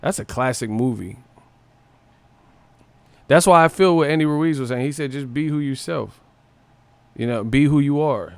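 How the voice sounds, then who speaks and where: A man hosting a boxing live stream, joking and swearing casually and mimicking other people's voices. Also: mid-range voice.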